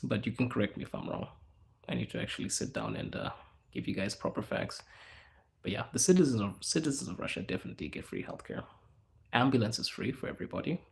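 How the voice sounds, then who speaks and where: Man, from Zimbabwe, livestream host, casual chat, slangy and rambling, gravelly. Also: mid-range voice, fast talker. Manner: relaxed, slangy, rambling with fillers and self-corrections. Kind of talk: casual livestream chat answering viewer questions.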